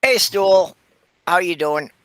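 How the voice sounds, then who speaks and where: A man chatting on a live stream with a wry, deadpan sense of humor. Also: high voice, takes it slowly, clean tone, no echo. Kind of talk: casual live stream banter.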